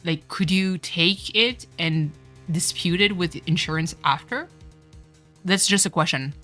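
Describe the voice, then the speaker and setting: Brief: woman, low but bright voice, unhinged casual streamer banter. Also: unhurried, faint music behind. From Canada. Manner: joking, swearing, bursts of loud laughter. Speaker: streamer playing a game. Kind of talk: casual live-stream chat.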